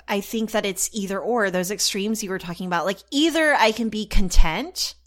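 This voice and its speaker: Low-voiced woman co-host, reflective. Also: a bit bright. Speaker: podcast co-host. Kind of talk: casual chat.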